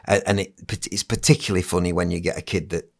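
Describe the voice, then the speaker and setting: A man in his sixties, a children's entertainer, telling stories on a podcast in a lively way and acting out what other people said. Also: sits low, fast talker, gravelly. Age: 60s. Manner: animated storyteller who acts out other people's lines. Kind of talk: casual anecdote telling on a podcast.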